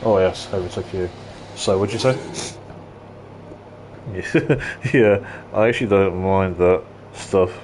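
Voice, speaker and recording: A man's voice: sits low, slow pace, pauses often, background noise. A man from London chatting casually and ranting in asides while live-streaming a retro game at his desk mic.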